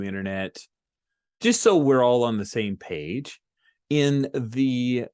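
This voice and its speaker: A man's voice: lowish voice, no echo, clean studio sound. A man running a tabletop role-playing game, casual and checking in with his players. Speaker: game master.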